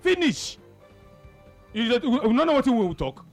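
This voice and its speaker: A man with a Nigerian accent hosting a sports call-in radio show, lecturing callers forcefully and repeating himself. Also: very high-pitched, big pitch swings, brisk, soft background music. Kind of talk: heated call-in radio debate.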